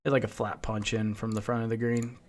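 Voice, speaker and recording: While streaming a game, a man with a lowish voice chats casually and tells rambling, profanity-laden stories. He speaks briskly in a level tone, with background noise in the recording.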